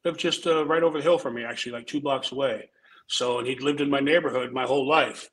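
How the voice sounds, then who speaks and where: A man's voice: medium pitch, steady tone, quick pace, a bit bright, slight background noise, low-quality recording. A middle-aged man from Nebraska, casually telling long rambling stories on a podcast, swearing and saying "man" a lot. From Omaha, Nebraska. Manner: laid-back, rambling, swears, says "man" often. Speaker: podcast guest telling his life story. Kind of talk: casual storytelling.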